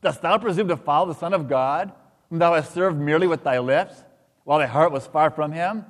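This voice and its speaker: A man's voice: on the high side, a little fast, close to an everyday voice. A man reading the lines of a stern angel of judgment who scolds in solemn, archaic speech. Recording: long hall reverb.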